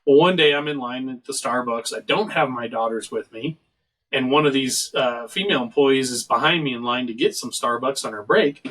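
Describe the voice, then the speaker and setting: A man's voice: mid-range voice, moderate pace, distant mic, a crowd in the background, low-quality recording. Joking man host on a video call. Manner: rambling, joking storyteller. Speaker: show host. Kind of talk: casual podcast chat.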